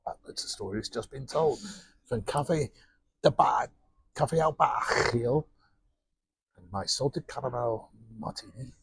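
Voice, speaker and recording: A man's voice: mid-range voice, a little slow, long pauses, dry recording. A man from Wales chatting to camera in a cruise ship bar, telling self-mocking stories on a small handheld microphone. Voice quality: gravelly, husky. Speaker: vlogger reviewing pubs. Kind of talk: casual vlog chat to camera.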